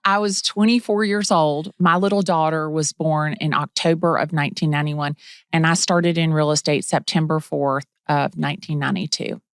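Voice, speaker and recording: A middle-aged woman from the Atlanta area, a real estate agent telling her story in a casual interview, bubbly and animated, acting out quotes. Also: deep voice, normal speed, clear, resonant tone, dry recording, clean studio sound.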